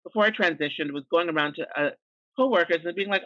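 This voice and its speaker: A trans woman and drag performer, a podcast guest, frankly retelling her experiences in a lively way with plenty of fillers. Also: on the low side, fast talker, dry recording, highs cut off. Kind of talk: candid storytelling conversation.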